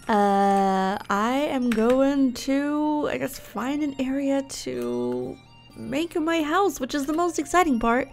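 A woman's voice: high voice, slow, faint music behind. A young woman giving casual, bubbly gameplay commentary, gushing and gasping as she explores. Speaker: gaming YouTuber.

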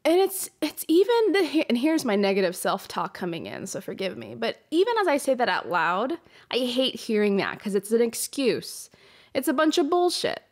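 A woman's voice: on the high side, very animated, moderate pace. A young adult woman hosting her own podcast, talking candidly in a casual confessional monologue, swearing freely and restarting phrases into a hot close mic. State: emotional, runny nose. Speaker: podcast host.

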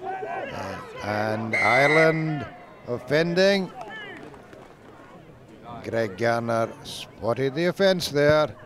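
A man with a Scottish accent giving brisk play-by-play rugby commentary, rising with excitement at big moments. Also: mid-range voice. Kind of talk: match commentary. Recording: outdoor crowd noise with background hum. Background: crowd and outdoor noise.

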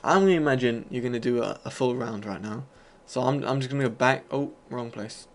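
A man's voice: medium pitch, brisk. Rambling man narrating gameplay. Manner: rambling and loose, with many fillers and casual swearing. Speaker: gaming video host. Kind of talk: casual gameplay commentary.

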